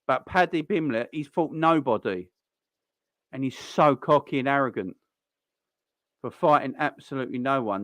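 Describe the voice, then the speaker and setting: A man's voice: on the high side, a bit bright, no echo. A man hosting a football watchalong livestream, chatting casually and bluntly with viewers, repeating himself and using lots of fillers. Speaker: livestream host reacting to a football match. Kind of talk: casual live chat reading viewer comments.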